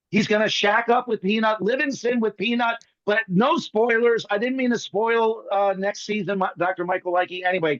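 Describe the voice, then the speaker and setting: A man with a high, bright-pitched voice riffs through a comic bit on a video call, tossing in quick impressions. The sound is dry and close but a little dull, like webcam audio. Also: no room sound. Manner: rapid comic riffing with bits of mimicry. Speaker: guest magician.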